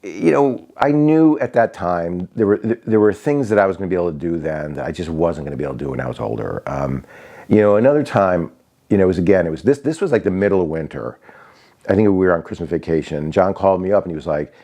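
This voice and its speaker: A man's voice: low-pitched, a little fast, dark tone. A man in his sixties from Connecticut, telling stories casually with many fillers and restarts. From Connecticut, USA. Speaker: vlogger. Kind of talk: casual storytelling.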